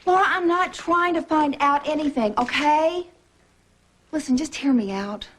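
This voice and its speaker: An actress playing a worried, loving best friend with a Southern accent, talking earnestly in a soap opera. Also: female voice, high voice, measured pace, a bit bright. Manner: earnest and pleading, folksy turns of phrase.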